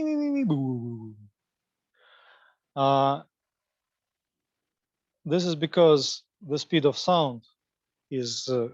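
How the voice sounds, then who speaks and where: A man with a fairly high voice gives a popular physics lecture, working through each idea step by step and rephrasing as he goes. The sound is dry, with no room echo, and slightly dull and lo-fi. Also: darkish tone.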